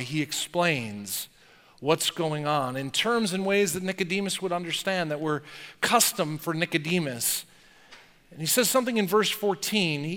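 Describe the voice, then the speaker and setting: A man preaching a sermon as pastor, animated, acting out incredulous questions and dropping low for quotes. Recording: long hall reverb.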